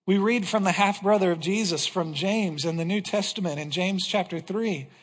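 A man's voice: high voice, moderate pace. A man preaching an earnest sermon that rises to fervent passages. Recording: long hall reverb.

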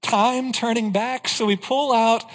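A male pastor preaching a sermon in a church, emphatic, asking rhetorical questions and dropping to a hush on key lines. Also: extremely high pitch, steady tone, a little slow. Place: church sanctuary. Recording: long hall reverb.

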